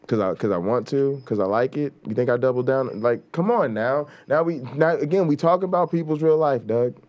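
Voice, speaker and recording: A man's voice: medium pitch, lively intonation, a little fast, a little mellow, dull audio. Guy hosting his show, blunt and emphatic, cusses a lot, keeps tossing in "right?". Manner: blunt, swears freely. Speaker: talk show host. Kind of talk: casual commentary.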